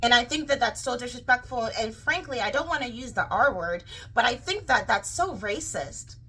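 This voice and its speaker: A young woman vents casually to her camera. Her voice is bright and sits a little high, with a childlike, girlish quality. She rambles with lots of fillers, false starts and animated asides. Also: normal speed, breathy edge, low-quality recording. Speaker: vlogger.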